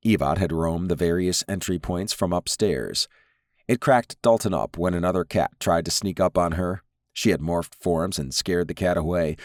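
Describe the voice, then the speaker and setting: Man, audiobook narrator, very deep voice, measured reading, dry close recording. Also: no room sound. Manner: measured, even storytelling. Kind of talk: scripted narration.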